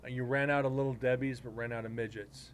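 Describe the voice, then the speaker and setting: A man's voice: medium pitch, little pitch movement, fast talker, slight background noise. A man who investigates the paranormal, chatting casually to a live stream audience and telling a story in a rambling way with crude asides. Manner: rambling, with crude jokes to the chat.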